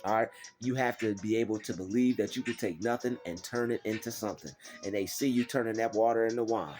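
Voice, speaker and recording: A man giving a faith-based motivational talk, preachy and animated, acting out doubters in mocking voices. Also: mid-range voice. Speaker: motivational vlogger.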